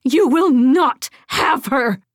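A woman's voice: mid-range voice, slow, warm tone, slightly rough, no echo, clean studio sound. A woman voicing a desperate young mother who shields her child, defiant and pleading.

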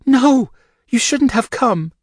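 A frightened young woman, pleading and breathless, her voice lifted high as a man acts her out. She sounds shaken and urgent. The recording is dry and close. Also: lively intonation, slow pace, no echo, exaggerated voice. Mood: frantic.

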